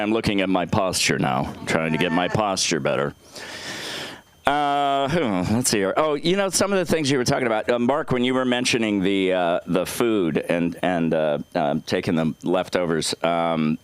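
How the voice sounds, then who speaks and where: A man's voice: low voice, clear, resonant tone, no room sound. Middle-aged guy rambling thru a stand-up set, voice jumps all over, dry close mic. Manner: rambling, halting delivery with many fillers and restarts. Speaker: open mic comedian. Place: small comedy club stage.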